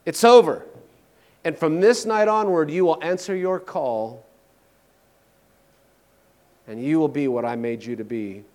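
A preacher quoting the voice of God speaking to him, slow, grave and measured. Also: male voice, fairly high pitch, a little mellow, lightly acted. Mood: solemn. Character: solemn commanding voice of God, male.

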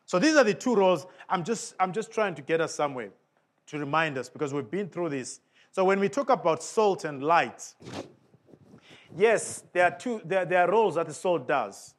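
A man's voice: lively intonation, moderate pace. A man preaching a sermon in an emphatic way, often putting questions to the congregation. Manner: emphatic, with big swings of pitch and volume.

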